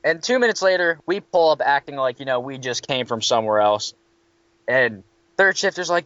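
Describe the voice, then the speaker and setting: A man's voice: a little high, brisk, no room sound, dull audio. A man telling a story in casual chat, swearing and acting out the people in it with raised voices. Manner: animated, swearing, quoting others in raised voices. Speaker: hotel worker telling a story.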